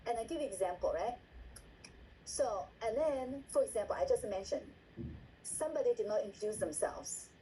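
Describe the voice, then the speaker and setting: Trainer: woman, dark-toned and repetitive, acts out examples, video-call sound with faint hiss. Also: a little high, animated, moderate pace, low-quality recording. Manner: repeats words, asks "right?" often, acts out example lines. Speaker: meeting trainer. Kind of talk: instructional talk on a video call.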